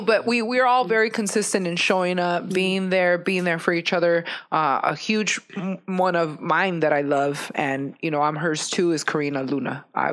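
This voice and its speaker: Lady guest on a chill podcast, kinda low voice, laughs a bunch and cusses while telling stories. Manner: animated storyteller, swears freely, laughs often. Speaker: guest entertainer. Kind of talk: casual podcast chat.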